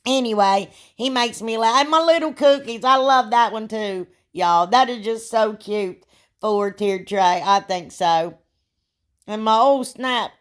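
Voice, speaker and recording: A woman, hosting a casual craft tutorial, chatty and rambling, with a sore throat that makes her clear it often. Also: fairly high pitch. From Ohio, United States. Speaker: DIY crafts channel host.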